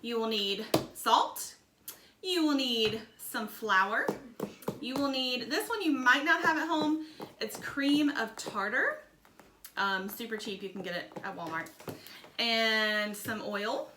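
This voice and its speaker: Upbeat mom host, kids' science vlog, higher register; roomy kitchen sound with audible noise. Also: female voice, expressive, takes it slowly. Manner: cheerful, patient step-by-step instructions. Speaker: mother hosting a kids' science video. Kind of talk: casual instructional chat to kids. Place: home kitchen. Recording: echoey kitchen with clear background noise.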